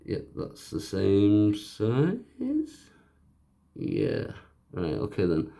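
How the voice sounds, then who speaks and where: A man with a fairly low voice talks a viewer through fixing a handheld console. He keeps up a loose, joking commentary full of self-mocking asides as he works. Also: wildly swooping pitch, drawn-out words, gravelly, warm tone. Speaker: repair video host. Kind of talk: casual narrated repair tutorial.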